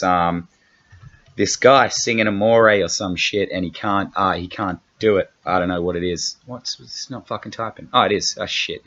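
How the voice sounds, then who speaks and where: A man's voice: low-pitched, a bit bright. An Australian man hosting a comedy podcast in a casual chat, rambling, profane and self-mocking. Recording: dull lo-fi podcast audio.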